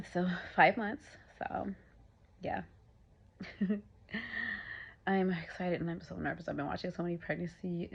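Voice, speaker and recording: Gravelly-voiced pregnant woman vlogging casually. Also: fairly low pitch. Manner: chatty, laughs often, breathy asides. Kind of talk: casual chat. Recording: dull lo-fi sound.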